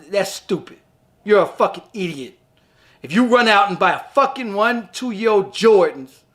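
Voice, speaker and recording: A man with a high-pitched voice launches into a heated, profane monologue. He speaks as a father, blunt and exasperated, driving each point home with force. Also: fairly bright tone. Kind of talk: ranting monologue to camera.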